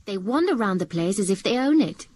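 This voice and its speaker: A woman's voice: medium pitch, sing-song, brisk, darkish tone, faint music behind, natural voice. A woman playing a blunt young girlfriend. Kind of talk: radio comedy acting.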